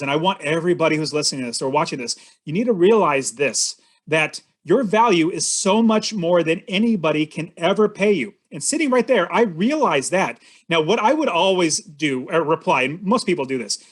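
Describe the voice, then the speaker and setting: Earnest man telling a story, fairly high voice. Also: a bit bright. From California, US. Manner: earnest, builds suspense, addresses the host directly. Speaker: podcast guest, real estate investor. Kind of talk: storytelling on an interview podcast.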